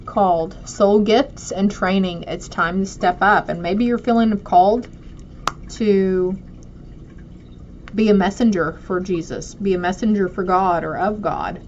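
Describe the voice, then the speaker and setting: A woman's voice: mid-range voice, fairly even intonation, measured pace, a little mellow, a little hiss or hum. A woman casually reading oracle cards to her viewers, addressing them directly and affectionately. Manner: affectionate, speaks straight to viewers. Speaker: oracle card reader. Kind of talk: casual spiritual card reading. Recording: dull lo-fi audio.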